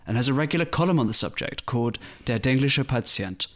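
A man's voice: mid-range voice, animated, a little fast. A man co-hosting a podcast, introducing the guest in a playful, self-deprecating way. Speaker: podcast co-host.

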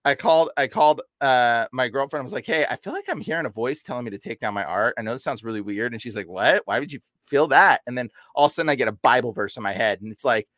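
A young man as a podcast guest, telling an animated story and acting out quotes with sudden jumps in pitch. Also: quick pace, hardly any pauses, no echo. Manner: excitable, acts out quotes with big pitch jumps. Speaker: podcast guest, deliverance minister. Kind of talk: animated storytelling in casual chat.

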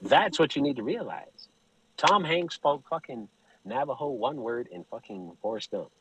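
A man with a husky, slightly breathy voice whose pitch leaps around as he tells crude, comic stories. He laughs a lot and slips into other people's voices mid-story. The sound is dry and close, with no room around it. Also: lively intonation, moderate pace, dry recording, rough recording. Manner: profane, laughs often, acts out voices in stories. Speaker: podcast guest. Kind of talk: casual joking storytelling.

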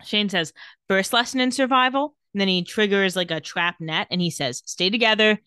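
A playful woman in casual podcast chat, retelling scenes from a show and slipping into the characters' lines with a laugh. Her pitch sits in the middle of the usual range. The mic is close and dry, with no room sound. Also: sharp tone, smooth, dry recording. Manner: playful, quick to laugh, acts out quotes lightly. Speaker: podcast co-host recapping a TV episode.

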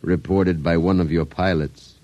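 A man's voice: low voice, fairly even intonation, normal speed, darkish tone, no room sound, highs cut off, natural voice. An actor playing a sinister, scheming male doll maker who blackmails people, in an old-time radio drama with a silky, menacing manner. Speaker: villain. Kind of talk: vintage radio drama acting.

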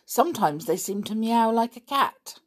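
A woman voicing a cheeky schoolboy who plays innocent in a bright, breezy way, with a husky voice. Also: fairly high pitch, expressive, moderate pace, pitched above the performer's own voice.

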